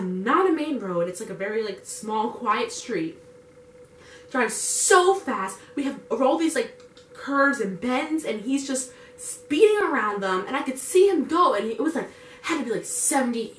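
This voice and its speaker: A woman's voice: on the high side, echoey room, recorded from a distance, a little hiss or hum. A young woman vlogger telling a storytime, acting out her own dialogue and using "like" often. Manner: animated, acts out her own dialogue in quotes; frequent "like" fillers. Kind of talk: storytime vlog.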